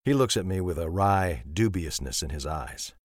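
A man narrating a first-person audiobook in a measured, understated way on a close studio mic. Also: sits low, lively intonation, dry recording.

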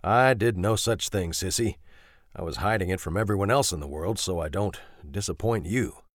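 A man voicing a wry, gruff garage owner who talks in a drawling, bargaining way in an audiobook. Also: deep voice, normal speed, no room sound, studio quality. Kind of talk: audiobook character voice.

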